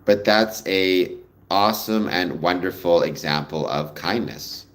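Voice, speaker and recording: A low-pitched man hosts a live stream. He chats loosely with his viewers, answers their comments and wanders off into stories of his own. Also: measured pace. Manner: chatty, rambling, digresses into personal stories. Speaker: livestream host.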